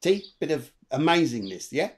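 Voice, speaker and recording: A man gives a live psychic reading over a video call. His pitch swings widely, and he rambles warmly and chattily, often repeating his words. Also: normal speed, husky. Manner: animated, chatty, trails off and repeats himself. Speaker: medium and co-host.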